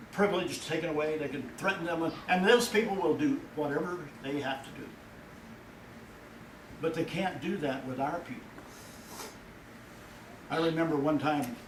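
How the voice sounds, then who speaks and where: Man, pastor, folksy sermon, fairly high voice, roomy sound, mic some distance off. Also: a little hiss or hum. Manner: folksy preaching, rising loud when quoting God. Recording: echoey room from far off.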